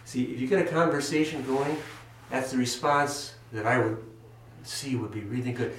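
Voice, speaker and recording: Middle-aged male guest, excitable, off-mic in an echoey room. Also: medium pitch, moderate pace, slight background noise. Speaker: salon guest. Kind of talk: enthusiastic group conversation. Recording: roomy, distant mic with faint ambience.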